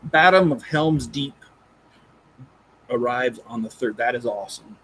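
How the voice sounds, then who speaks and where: A man hosting a Lego channel chats casually on a live stream, rambling, correcting himself, and chuckling while he reads. His mid-range voice is unhurried, fairly bright, and slightly rough, captured in a low-quality recording.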